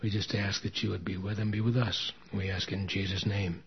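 A man's voice: low-pitched, little pitch movement, fairly quick, slightly rough. A man leading a church meeting, speaking with earnest conviction and then praying fervently over the gathering. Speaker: pastor. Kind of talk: sermon and closing prayer. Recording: dull lo-fi recording.

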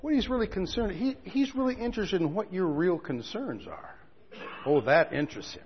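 A man preaching a sermon, telling stories with quiet asides that build to loud outbursts. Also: sits high, animated, normal speed. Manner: storytelling, swings from quiet asides to shouting. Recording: dull lo-fi recording with a long hall reverb.

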